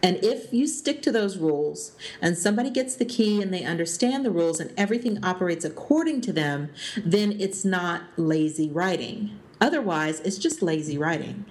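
A woman co-hosts a casual podcast chat about a TV series. She thinks aloud as she talks, filling pauses with ums and breaking into small laughs. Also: fairly low pitch, lively intonation, darkish tone. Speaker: podcast co-host.

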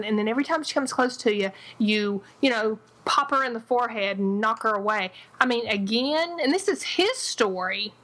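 Bright-voiced woman recapping a show. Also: a little high, moderate pace, few pauses, rough recording. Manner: animated, acts out quoted lines. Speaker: podcast co-host. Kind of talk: casual TV recap chat.

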